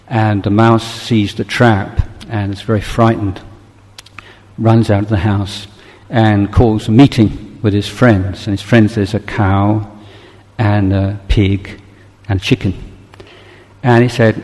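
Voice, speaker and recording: A male Buddhist teacher gives a dharma talk in a low, even, unhurried voice, gentle and reflective and often pausing to find his words. His speech carries a long reverb, as if in a large hall.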